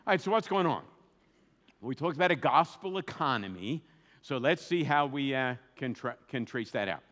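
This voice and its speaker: A man preaching a sermon as a pastor, in a conversational, animated way with asides. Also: medium pitch, long reverb tail. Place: church sanctuary.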